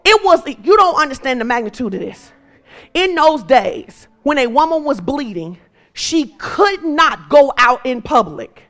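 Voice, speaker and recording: A woman pastor preaching a sermon in a church, impassioned and repetitive, rising to shouts. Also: high-pitched, very animated, measured pace.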